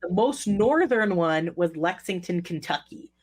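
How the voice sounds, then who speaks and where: A woman's voice: fairly low pitch, lively intonation, a little slow, darkish tone. A woman co-hosting a podcast, chatting casually and breaking in with asides for the listeners. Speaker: podcast co-host. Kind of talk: casual chat.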